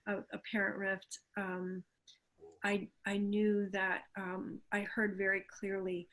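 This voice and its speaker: A woman speaking as an interview guest, earnest and thoughtful, often pausing with fillers as she reflects. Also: medium pitch, monotone, a bit bright. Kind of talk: reflective conversation.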